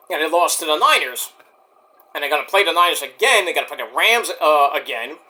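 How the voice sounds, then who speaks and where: A man talking loosely to camera as he reviews the shows, narrating the action and trailing off into asides and curses. His voice has a bright, forward edge, and his delivery is unscripted and chatty. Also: fairly high pitch, very animated, normal speed, long pauses. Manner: rambling, profane, talks to himself about the action. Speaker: show reviewer. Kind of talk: casual running commentary while watching.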